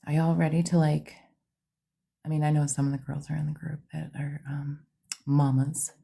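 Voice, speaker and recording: A woman's voice: sits low, little pitch movement, normal speed, gravelly, warm tone, breathy edge. A woman, hosting a livestream, half-whispering in a casual chat and greeting viewers by name in her home studio. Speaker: psychic medium livestream host.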